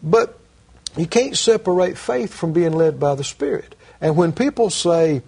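A minister earnestly teaches and tells stories in a Christian conversation, repeating his key phrases for emphasis. His voice is high, expressive, creaky, and darkish with a breathy edge, and he speaks at a measured pace.

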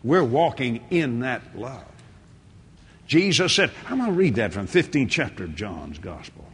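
A middle-aged man preaching a sermon and telling a story, swinging between shouted lines and hushed ones. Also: mid-range voice, big pitch swings, unhurried, slightly rough.

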